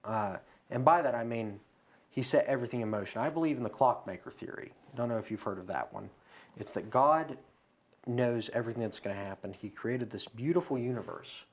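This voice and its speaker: A man's voice: medium pitch, brisk. A man as a podcast guest, talking through philosophy and telling a story in a casual conversation, recorded in a studio.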